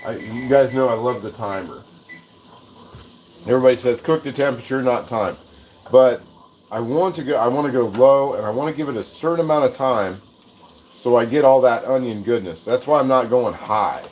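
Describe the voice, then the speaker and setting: With a mid-range, slightly mellow voice at normal speed, an American man chats casually while cooking on a livestream. He's self-deprecating and chuckles often as he rambles. The recording is rough, with a little hiss or hum.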